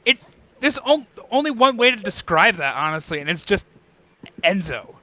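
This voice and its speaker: A man's voice: high-pitched, big pitch swings, normal speed, pushed and bright, no room sound. A man on a casual panel chat, blunt and swearing casually. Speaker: panel guest.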